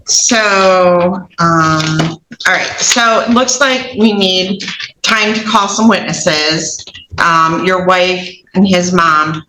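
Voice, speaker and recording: A brisk judge runs the room, firing short questions and stopping the parties to restore order. The voice is bright and sharp, heard in a roomy courtroom with a faint hiss behind it. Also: medium pitch. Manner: brisk, firm, cuts people off to keep order. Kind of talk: courtroom TV show.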